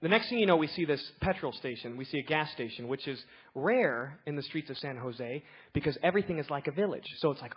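A woman preaching a sermon, telling a story with animated swings from quiet to shouting. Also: deep voice, fast talker, slightly rough. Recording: slightly dull lo-fi recording.

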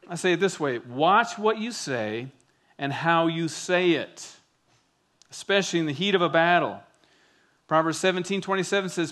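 A man preaching a sermon, telling stories with lively, animated delivery and acted-out quotes. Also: a little high. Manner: animated storytelling, acts out quotes. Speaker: pastor.

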